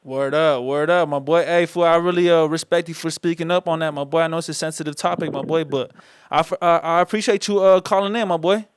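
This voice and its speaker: A man's voice: on the high side, fairly even intonation, fast, clean tone, dry recording, studio quality. A man hosting a casual call-in podcast, full of street slang and calling everyone "my boy" and "fool". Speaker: podcast host taking call-ins.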